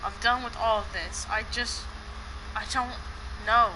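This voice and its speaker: A woman's voice: fairly high pitch, fairly even intonation, unhurried, background noise. A woman in a heated personal argument on a call, talking in an upset, repetitive way and swearing.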